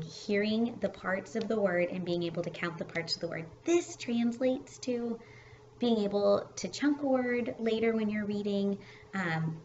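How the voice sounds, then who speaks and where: A woman kindergarten teacher talking casually to parents from home, relaxed and chatty, with many fillers and restarts. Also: medium pitch, dull audio, a little hiss or hum.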